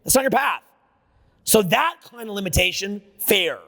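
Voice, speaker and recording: A man with a fairly high voice and a gravelly edge leads a live seminar, talking brashly and profanely. He riffs off the cuff, and his voice carries through a hall with a long reverb. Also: animated, normal speed, pushed and bright. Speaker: seminar speaker. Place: seminar room with an audience.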